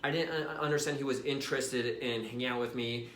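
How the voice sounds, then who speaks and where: A young man shares a personal testimony in a casual, lively way, talking straight to his viewers. His voice is bright and clear, at a middle pitch. The sound carries a noticeable room echo. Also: fairly quick, slight background noise. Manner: casual and animated, addresses viewers directly with "right?" and "you guys". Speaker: Christian vlogger.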